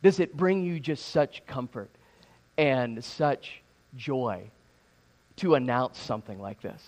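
A man in his thirties preaching a sermon in a church, talking in a halting way with many restarts and repeated words. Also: medium pitch, a little mellow. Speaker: pastor. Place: church sanctuary.

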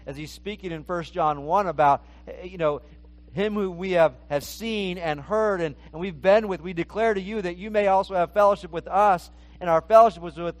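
A man's voice: high voice, normal speed. A male pastor preaching an expository sermon, earnest and restarting phrases as he explains the text.

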